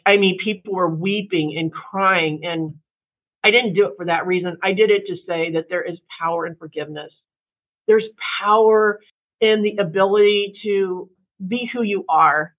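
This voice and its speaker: On a tinny phone-like line with soft music underneath, a middle-aged woman from around Kansas City, USA, tells her story in a relaxed interview. Her voice sits on the low side, and she's animated, full of fillers, and imitates the voices of others.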